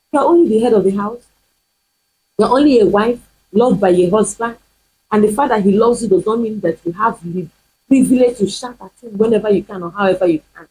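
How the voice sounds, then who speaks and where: Very husky woman pastor preaching. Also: mid-range voice, dark tone, rough recording. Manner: emphatic, repeats points, rhetorical questions. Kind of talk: sermon-style teaching video.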